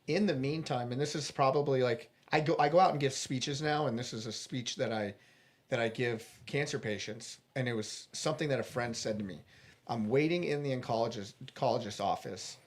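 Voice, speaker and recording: Interviewed on a podcast, a man recounts something from his own life with earnest sincerity, voicing the dialogue himself. His voice is mid-range, and he often starts over mid-thought.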